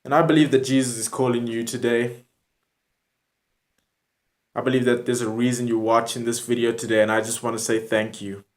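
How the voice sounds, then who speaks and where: A man's voice: mid-range voice, level tone, a little fast, pauses often. A man delivering an earnest spoken word sermon to a video audience, pleading and repeating his points. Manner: earnest, repetitive, pleading address to the viewer.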